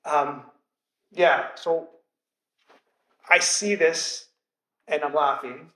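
A man telling his church about a vision during prayer, earnest, with many halting restarts and bursts of laughter. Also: on the high side, fairly bright tone, roomy sound, rough recording. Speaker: church member sharing a vision. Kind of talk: testimony to a church.

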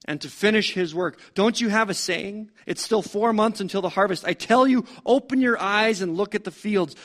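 A wise male teacher speaking in measured, solemn phrases, read by a preacher. The tone is calm and fairly high for a man, with an even, steady delivery. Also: close to an everyday voice.

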